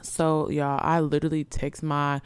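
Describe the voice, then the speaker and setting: Young woman spilling a story to her viewers, chatty and hyped, smooth clear voice, dry close mic. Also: low voice, moderate pace, no room sound. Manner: chatty, slangy, excitable. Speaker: vlogger.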